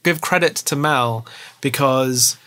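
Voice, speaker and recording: A woman co-hosting a podcast in casual chat, animated and giggly. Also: extremely low pitch. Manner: animated, giggly, quick asides. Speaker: podcast co-host.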